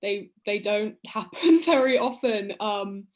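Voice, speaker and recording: A woman's voice: mid-range voice, animated, slow. A woman actor speaking on a video-call panel, grateful and earnest. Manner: grateful, earnest, laughs lightly. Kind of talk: casual post-show panel chat.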